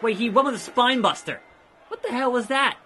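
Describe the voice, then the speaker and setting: A man hosting a let's play, giving excitable, jokey wrestling play-by-play with sudden shouts. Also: very high-pitched, fairly quick, breathy edge. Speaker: host.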